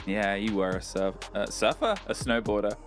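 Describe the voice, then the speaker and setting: A man's voice: on the low side, normal speed, over music. A British man analyzing an esports match, with dry teasing humor. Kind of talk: broadcast analysis and banter.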